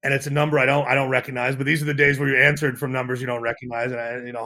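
A man, a startup co-founder, telling an animated story in a podcast interview, acting out quotes with frequent restarts. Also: mid-range voice, rapid-fire, hardly any pauses.

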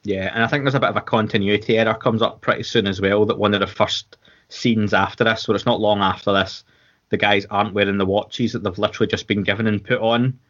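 A man's voice: on the low side, fairly even intonation, fast, a bit bright, muffled recording. A Scottish man co-hosting a podcast, chatting casually and rambling with restarts and fillers. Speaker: podcast co-host. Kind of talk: casual watchalong chat.

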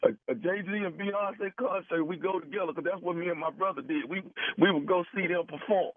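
Male prank caller, slightly high voice, pushy and repetitive, over a dry, tinny phone line. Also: fairly quick, dry recording. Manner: pushy, repeats himself, stammering restarts. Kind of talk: prank phone call posing as a grieving brother.

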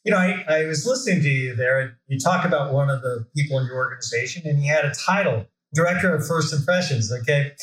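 A man's voice: fairly high pitch, quick pace, hardly any pauses, fairly bright tone. A man hosting an interview who asks friendly questions with some stumbling restarts. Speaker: interview host. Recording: roomy echo.

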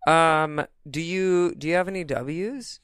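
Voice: medium pitch, slow, fairly bright tone, clear, resonant tone, no echo. A co-host in a casual film review chat, making dry, wry asides. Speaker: podcast co-host.

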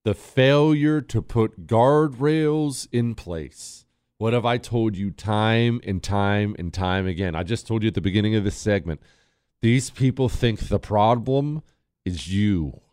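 A man hosting a political talk radio show, sarcastic and mocking, jumping between loud jabs and low asides. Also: unhurried, smooth, no room sound, clean studio sound.

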